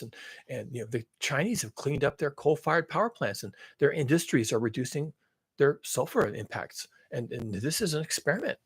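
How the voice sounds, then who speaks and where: Sarcastic male ranter, husky and lively, profane, loud then muttering. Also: mid-range voice, brisk. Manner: profane, mocking, swings between shouting and muttering. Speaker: commentary channel host. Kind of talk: sarcastic rant monologue.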